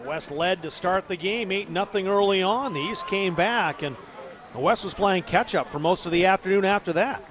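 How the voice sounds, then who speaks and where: A man calling a live high school football game play-by-play, excitable and shouting on big plays. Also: moderate pace. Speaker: play-by-play commentator. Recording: loud crowd and field noise.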